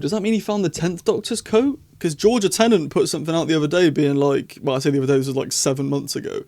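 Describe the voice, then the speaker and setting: A young adult man chatting through a casual commentary vlog, excitable and rambling. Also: fairly high pitch, gravelly, no echo. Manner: excitable, rambling, animated reactions. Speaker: YouTuber.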